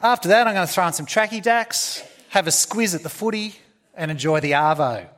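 A laid-back Aussie bloke rattles off local slang in a cheery, raised voice , as a man acts him out. He has a broad Australian accent and a casual, easygoing lilt, pitched a touch higher than usual. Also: animated, a little fast, a bit bright. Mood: breezy.

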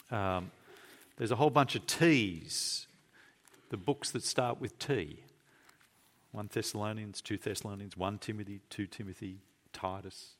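Lively-voiced man preaching a sermon. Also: medium pitch. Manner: emphatic, repeats key phrases, slows down for stress. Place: church.

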